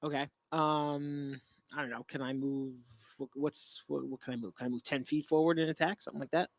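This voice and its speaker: A man's voice: on the high side, steady tone, a little fast, no room sound. A man playing a tabletop game, asking the game master questions and restarting his sentences while he decides what to do. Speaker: player. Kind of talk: casual tabletop game talk.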